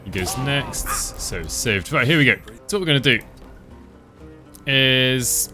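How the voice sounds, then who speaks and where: A man giving relaxed, chatty commentary over his own gameplay, thinking aloud as he plays. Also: mid-range voice, a little slow, music in the background. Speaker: gaming channel host.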